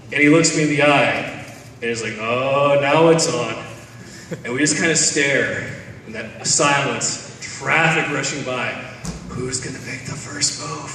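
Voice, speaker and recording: Man, stand-up comic, high voice, storytelling and acting out dialogue, distant, echoey hall. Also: fairly bright tone, a little hiss or hum. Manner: storytelling, acts out dialogue, breaks into laughter. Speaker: stand-up comedian. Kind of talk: stand-up comedy set. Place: charity event stage, audience hall. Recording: echoey hall taped from far off.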